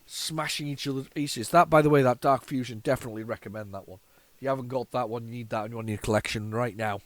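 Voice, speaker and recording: A man's voice: medium pitch, fairly even intonation, quick pace, rough recording. Rambling man reminiscing. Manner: rambling and nostalgic, with frequent stammering restarts and repeated words. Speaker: retro gaming channel host. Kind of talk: casual off-the-cuff commentary while loading a tape.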